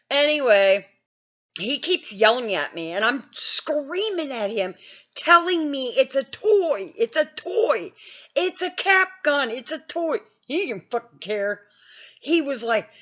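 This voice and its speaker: Older woman vlogger, brash and self-deprecating storyteller who swears freely; slightly high voice, muffled mic. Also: expressive, measured pace, fairly bright tone. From Wisconsin, US. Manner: blunt, swears a lot, self-mocking. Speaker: gaming channel host. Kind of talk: casual storytelling.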